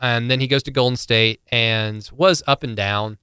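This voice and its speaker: A man's voice: medium pitch, steady tone, normal speed, bright, forceful tone, clean tone, dry recording, clean studio sound. A man co-hosting a podcast in casual sports chat, rambling with many fillers and restarts. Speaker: podcast co-host.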